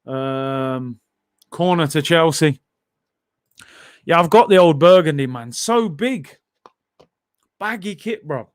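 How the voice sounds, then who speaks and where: A man's voice: a little high, animated, slow pace, long pauses, clean tone, no room sound, studio quality. A man hosting a football watchalong stream, chatting casually, using slang and reading out viewer comments.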